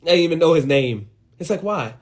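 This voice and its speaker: Young male streamer, fairly high voice, loose profane pep talk with sudden loud bursts. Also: brisk. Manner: animated and profane, swings between loud outbursts and low muttering. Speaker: host of an Instagram live stream. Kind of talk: casual motivational monologue.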